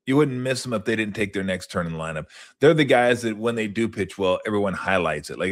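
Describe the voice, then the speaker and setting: A man hosting a sports talk show in casual chat, rambling and profane, wandering into tangents with loud bursts. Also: on the low side, animated, fast.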